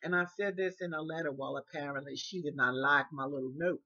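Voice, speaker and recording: Husky older woman telling her story. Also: low voice, fairly quick, pushed and bright, dull audio. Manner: repeats words and restarts, acts out quoted speech. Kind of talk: personal storytelling.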